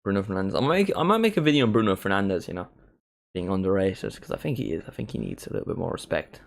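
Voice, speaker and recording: A man's voice: sits low, fast, vocal fry. A young man hosting a live match watchalong, chatting casually into a desk microphone and perking up when chances come. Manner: laid-back and chatty, gets excited at chances. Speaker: livestream watchalong host.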